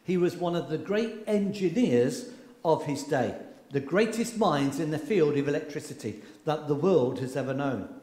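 A man preaching a sermon with passion, swinging from loud outbursts to hushed lines, recorded in a church. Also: on the high side, moderate pace. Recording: echoey hall with long reverb.

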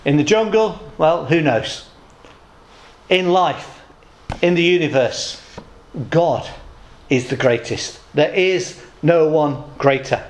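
A man's voice: fairly high pitch, roomy sound. A man preaching a sermon at a church service, telling jokes and speaking in short, paced phrases. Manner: jokey storytelling, pausing in short phrases.

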